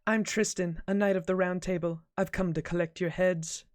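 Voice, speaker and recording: A man voicing a sorrowful, serenely cruel knight archer from a game, reading his lines in a calm, soft and measured way. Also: sits high, no echo, clean studio sound, voice pushed up, close to an everyday voice. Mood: coldly serene.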